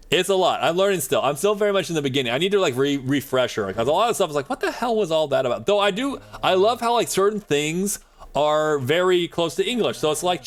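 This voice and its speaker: A man streaming a game, chatting casually and answering his chat, rambling with lots of "like" and frequent laughs. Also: fairly high pitch. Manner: rambling, heavy on "like", laughs often.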